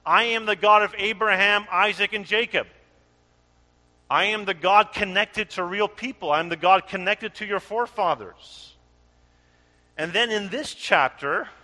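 A man preaching a sermon as a pastor, animated and acting out the voices of those he quotes. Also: high voice, big-room sound.

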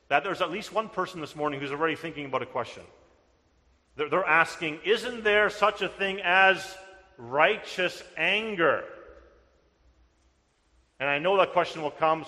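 Man, pastor, high bright voice, earnest sermon, long church-hall reverb. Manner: earnest, rhetorical questions and answers. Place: church sanctuary.

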